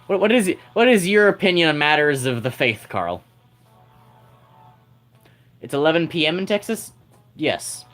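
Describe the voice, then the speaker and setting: Teasing man, higher voice. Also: big pitch swings, normal speed, pauses often, fairly bright tone, soft background music. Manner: teasing, rambling, laughs often. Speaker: livestreamer. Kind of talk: casual livestream chat.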